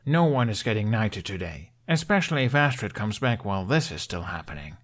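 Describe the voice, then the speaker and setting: A man voicing an exasperated young Viking squire who shouts at his reckless friends. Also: fairly low pitch, sing-song, fairly quick.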